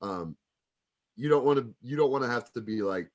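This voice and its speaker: A man's voice: mid-range voice, lively intonation, normal speed, darkish tone. A man coaching wrestling students, giving rambling casual feedback full of fillers. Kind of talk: casual critique.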